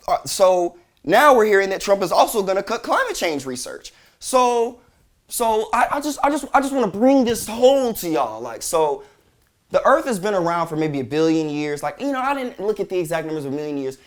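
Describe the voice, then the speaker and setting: Exasperated swearing man with lively pitch. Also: fairly quick. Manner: exasperated, incredulous, heavy swearing. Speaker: commentary show host. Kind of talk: profane ranting commentary.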